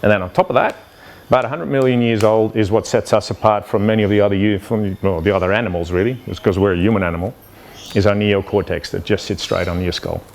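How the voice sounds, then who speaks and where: A man's voice: fairly low pitch, fast, vocal fry, a little hiss or hum. A man giving an informal lecture at an event, conversational and often checking in with "yeah" and "you know.". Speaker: speaker explaining brain biology.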